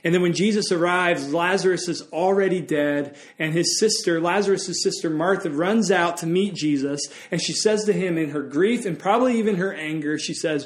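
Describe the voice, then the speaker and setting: Man, pastor, sermon, earnest, slightly high voice. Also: moderate pace, hardly any pauses.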